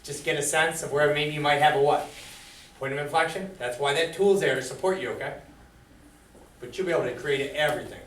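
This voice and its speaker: Man teaching math, fairly high voice, echoey classroom heard from afar, faint background hum. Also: fairly quick, a bit bright. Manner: quizzing the class with fill-in questions. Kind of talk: classroom lecture. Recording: echoey room, far from the mic.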